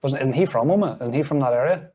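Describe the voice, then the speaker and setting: A man's voice: mid-range voice, quick pace, muffled recording. A young man with a Northern Irish accent, chatting as a guest on a comedy podcast with sweary, jokey banter. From Northern Ireland. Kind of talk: casual comedy chat.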